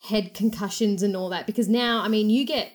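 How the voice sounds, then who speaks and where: A woman's voice: medium pitch, fairly quick. Blunt sweary Australian woman. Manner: blunt, sweary, laughs easily. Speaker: podcast co-host. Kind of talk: casual chat.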